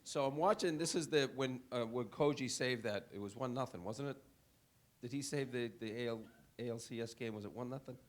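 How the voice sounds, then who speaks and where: A man on a panel, telling an animated story and putting on the voices of people he quotes. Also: mid-range voice, fairly quick. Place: hotel event room.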